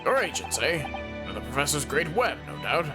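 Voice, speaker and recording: A man voicing a gruff, hostile Scottish prison governor who threatens his visitors. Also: fairly high pitch, very animated, brisk, over music. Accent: put-on Scottish.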